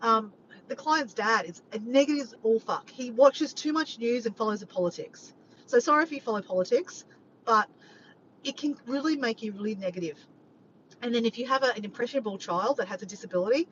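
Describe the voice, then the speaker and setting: On a slightly muffled live stream with faint noise in the background, a vlogger talks to her viewers in a rambling, casual way. She sounds animated, swears freely, and keeps addressing everyone as "guys," with a voice a little on the high side.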